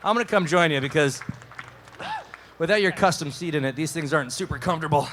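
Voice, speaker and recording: A fast-talking man hosting a live radio show before a crowd, his voice sitting a little high. He keeps things playful and pokes fun at himself between questions. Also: background noise. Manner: joking, self-deprecating, playful with the crowd. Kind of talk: live radio show hosted in front of an audience. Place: live event floor with an audience.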